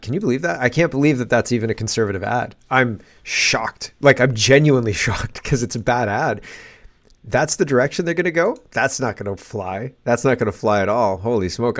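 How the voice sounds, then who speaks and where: A man's voice: medium pitch, lively intonation, a little fast. Incredulous man ranting about politics. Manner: exclaiming, incredulous, rambling. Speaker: political commentary host. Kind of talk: casual political commentary.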